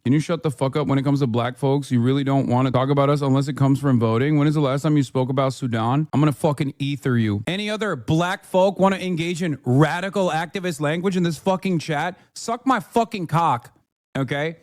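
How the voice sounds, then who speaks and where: A man's voice: a little high, fast talker, hardly any pauses, darkish tone, no room sound, clean studio sound. Heated, foul-mouthed male streamer ranting. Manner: heated, profane, swears constantly. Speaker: livestreamer. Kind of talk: ranting livestream clip.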